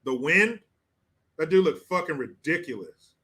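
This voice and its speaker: A man's voice: on the high side, sing-song, unhurried, sharp tone. A man hosting a casual livestream, talking in brash, profane, joking banter. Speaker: host.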